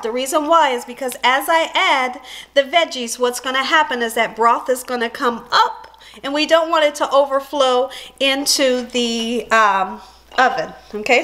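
A woman's voice: sits high, fairly bright tone. A woman hosting a home cooking show from her kitchen, bubbly and folksy, calling her viewers guys and honey.

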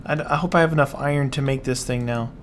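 Talking fast in a medium-pitched voice, a male gaming channel host gives casual let's-play commentary. He's dismayed and often exclaims and mutters to himself during play.

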